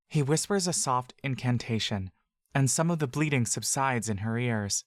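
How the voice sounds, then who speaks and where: An audio drama narrator reading scripted fantasy narration in the second person, slow and measured. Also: mid-range voice, no echo, studio quality.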